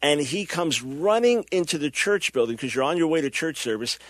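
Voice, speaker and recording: A man's voice: a little high, lively intonation, fairly quick, a bit bright, no echo. A middle-aged man hosting a radio talk show, preaching with impassioned, emphatic delivery and acting out the people he quotes.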